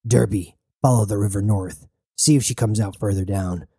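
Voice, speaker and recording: Guy voicing a cold merc boss, curt and cussing, deep mellow tone, dry sound. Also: moderate pace, breathy edge, no room sound. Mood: gruff. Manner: curt, profane, commanding. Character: gruff ruthless male mercenary commander.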